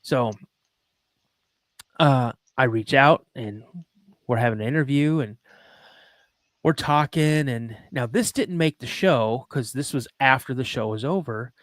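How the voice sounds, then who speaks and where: A man's voice: medium pitch, a little slow, pauses often, a bit bright, dry recording. A man hosting a podcast, earnestly telling a personal story and acting out the dialogue, with frequent ums. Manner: earnest and emotional, reenacts dialogue, many ums. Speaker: podcast host.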